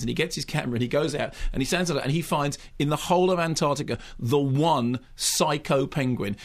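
Man, radio co-host, animated storyteller, mock indignant, studio mic. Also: mid-range voice. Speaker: film critic co-host. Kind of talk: lively radio chat.

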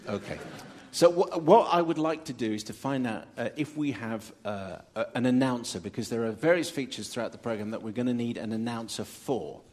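A man's voice: mid-range voice, a little fast, few pauses, darkish tone. A man presenting a radio show on a stage in front of a live audience, chatting and reading out listener emails with theatrical emphasis. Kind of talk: lively live radio chat before an audience.

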